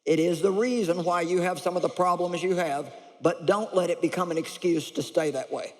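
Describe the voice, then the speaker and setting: A woman preacher voicing God speaking to her calmly and firmly. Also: fairly low pitch, normal speed, in a large hall, close to an everyday voice. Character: calm, firm divine male voice.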